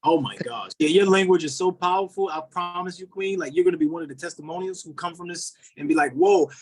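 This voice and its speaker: A man's voice: high-pitched, fast talker. A man hosting a group video call and delivering a repetitive, rallying motivational pep talk. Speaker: motivational coach and call host.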